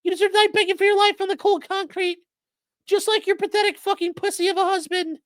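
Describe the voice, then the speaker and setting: A man voicing a ranting male harassing caller in a screeching falsetto, full of profane hate. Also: flat delivery, fast talker, a bit bright, dry recording. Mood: shrill ranting.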